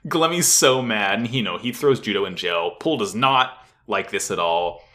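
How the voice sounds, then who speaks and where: Brief: male podcast co-host, lively swinging delivery, bright tone, profane and laughing. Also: fairly low pitch, moderate pace. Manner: animated, profane, laughs often. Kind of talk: casual anime recap chat.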